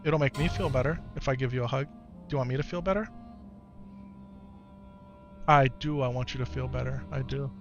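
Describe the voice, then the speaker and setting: A man in his thirties with an American accent, a streamer and father talking at home, gentle and patient with his child, lively with his chat. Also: medium pitch, normal speed, pauses often, muffled recording, faint music behind. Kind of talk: casual live-stream chat.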